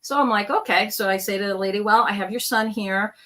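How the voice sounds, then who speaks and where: A bright, animated woman from New York speaks fast at a medium pitch. She's a psychic medium guesting on a casual storytelling interview, acting out the people in her stories.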